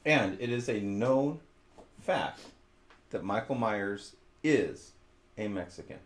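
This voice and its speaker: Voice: medium pitch, lively intonation, takes it slowly, echoey room. A player announcing cards and teasing the others during a card game. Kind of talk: casual banter over a card game.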